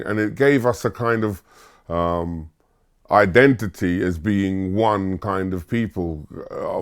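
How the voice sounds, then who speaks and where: A man from Barbados, a musician, recalling his youth in a relaxed, rambling way with lots of fillers and chuckles. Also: sits low, clear, resonant tone. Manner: laid-back storytelling with filler words and chuckles. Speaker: musician interviewee. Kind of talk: relaxed reminiscing monologue.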